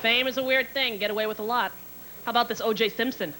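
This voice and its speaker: A woman's voice: a little high, steady tone, fast talker. A woman in her thirties doing a stand-up set on a theater stage, brash and swearing, acting out voices. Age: 30s. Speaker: stand-up comedian. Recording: live stage show with loud crowd and noise. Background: audience laughing.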